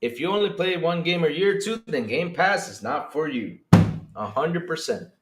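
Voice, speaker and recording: A man hosting a casual opinionated livestream, excitable and animated, swearing freely and jumping up in pitch when worked up. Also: moderate pace, heavy background noise. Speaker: podcast host streaming to chat. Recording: echoey room.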